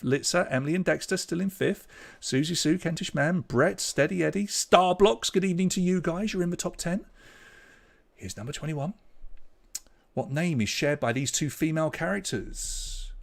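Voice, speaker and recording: Chatty quizmaster reading questions. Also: male voice, on the high side, vocal fry. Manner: chatty, jokey asides between reading questions. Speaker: online pub quiz host. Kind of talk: live quiz hosting, casual chat.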